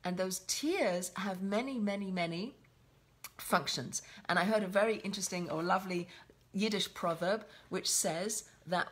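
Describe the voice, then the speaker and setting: A woman teaching a weekly Torah portion in a reflective, unscripted way. She circles back on her phrases and restarts them as she thinks aloud. Her voice sits at an ordinary middle pitch for a woman. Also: moderate pace, a bit bright. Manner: reflective, with frequent restarts and repetition. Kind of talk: spoken Torah lesson.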